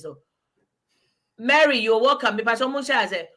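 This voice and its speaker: Lively Ghanaian woman, bright voice. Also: a little high, normal speed, pauses often. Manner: animated, storytelling, breaks into laughter. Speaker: guest. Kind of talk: casual talk show chat.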